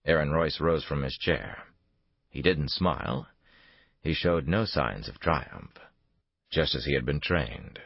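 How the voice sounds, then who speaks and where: A man narrating a thriller audiobook in a measured, dramatic storytelling manner. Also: very deep voice, vocal fry, dry recording. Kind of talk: scripted narration. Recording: dull lo-fi dry recording.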